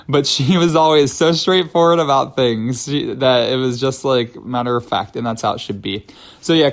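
A man hosting a solo podcast about dancing, chatty and self-mocking, with frequent ums and light laughs. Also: mid-range voice. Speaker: podcast host and ballet dancer.

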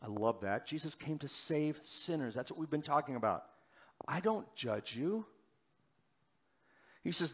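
A male pastor delivering a sermon, moving between loud urgent preaching and quiet, hushed passages. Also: fairly high pitch, animated, unhurried, long pauses.

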